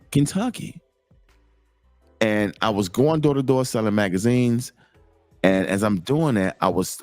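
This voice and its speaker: A middle-aged man hosting a show, telling a personal story in a casual, animated, digressive way. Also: lowish voice, no echo. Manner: animated, digressive, lots of repeated starts. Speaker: host.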